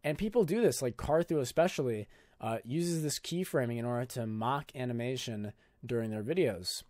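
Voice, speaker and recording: A man's voice: medium pitch, moderate pace, darkish tone, no echo. Young guy explaining video editing, chill and rambly, lots of "like", dry close mic. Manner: rambling, filler-heavy, loose and jokey. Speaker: YouTube tutorial host. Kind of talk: casual screen-recorded editing tutorial.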